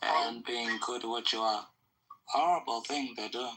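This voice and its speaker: Very bright-voiced man ranting hard. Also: mid-range voice, fairly even intonation, a little slow, low-quality recording. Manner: heated, profane ranting with lots of repetition. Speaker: podcast host. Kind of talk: casual chat.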